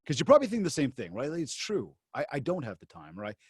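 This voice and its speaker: A man's voice: mid-range voice, quick pace, husky, dry recording, studio quality. A man giving a seminar talk to real estate agents. He tells a story in a chatty way, with many fillers and restarts, and he speaks straight to the audience. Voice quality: animated storyteller who acts out both sides of conversations. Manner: addresses the audience directly.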